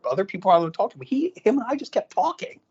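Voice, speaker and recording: A man's voice: high-pitched, racing, husky. A man co-hosting a podcast, telling casual anecdotes and acting out what people said. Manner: animated anecdotes, acts out quotes. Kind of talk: casual storytelling. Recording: dull lo-fi audio.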